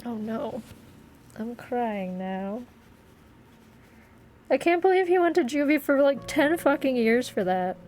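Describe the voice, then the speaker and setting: A woman streamer giving expressive live commentary on a game, swearing and laughing as she reacts. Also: high voice, normal speed, hardly any pauses, a little hiss or hum. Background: game music.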